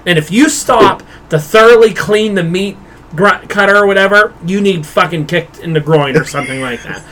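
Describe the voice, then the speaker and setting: A middle-aged man with a profane, exasperated and animated delivery, ranting in casual podcast chat. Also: high-pitched, moderate pace, slight background noise. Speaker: podcast co-host.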